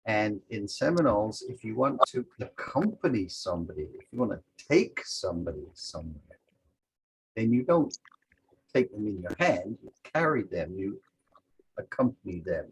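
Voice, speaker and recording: A man's voice: lowish voice, very animated, moderate pace, a little hiss or hum, poor audio. A man teaching a language lesson over a video call, methodically walking through example sentences step by step.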